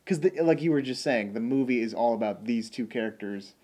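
A man's voice: mid-range voice, lively intonation, a little fast, warm tone. A man co-hosting a podcast, talking casually about a movie with lots of fillers and restarts. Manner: chatty, many fillers and restarts. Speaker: podcast co-host. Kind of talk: casual film discussion.

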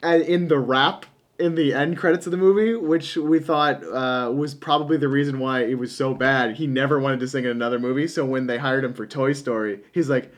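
A man's voice: medium pitch, steady tone, fairly quick, hardly any pauses. A man co-hosting a podcast, chatting casually about a movie, rambling and trailing off with laughs. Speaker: podcast co-host. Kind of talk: casual movie review chat.

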